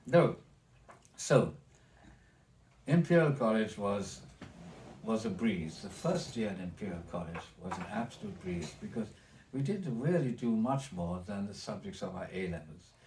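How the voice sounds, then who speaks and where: A man's voice: lowish voice, sing-song, measured pace, a little mellow, far from the mic, slight background noise. A man in his eighties with a German accent, recalling his life in a recorded oral history interview, rambling with many restarts and repeated words. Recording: echoey room, off mic.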